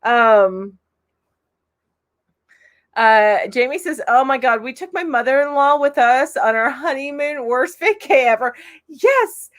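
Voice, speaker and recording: A woman in her forties from Florida hosts a casual live stream, reading viewer comments aloud. Her voice sits a little high, and she keeps things chatty and upbeat, laughing easily between remarks. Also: animated, slow, fairly bright tone. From Florida, USA.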